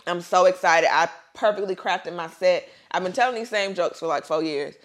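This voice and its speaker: A young woman spins a story on a casual podcast, her voice sitting a little low. She swears freely and acts out each person's words as she goes. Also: moderate pace. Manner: animated storyteller, profane, acts out quotes. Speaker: podcast co-host.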